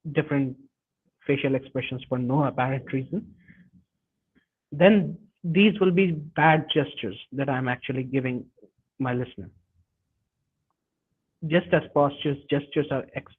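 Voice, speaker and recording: A man's voice: mid-range voice, slightly rough, narrow, tinny audio. A man with an Indian English accent teaching a live online webinar, explaining step by step and often restarting and correcting himself. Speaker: webinar instructor. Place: home or office, online webinar. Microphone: computer mic over a web call.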